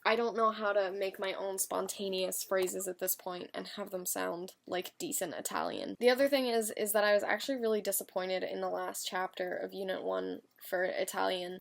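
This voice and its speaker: A woman's voice: mid-range voice, gravelly. A young woman talking about her language studies in a casual, candid and self-reflective vlog chat. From United States. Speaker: language-learning vlogger.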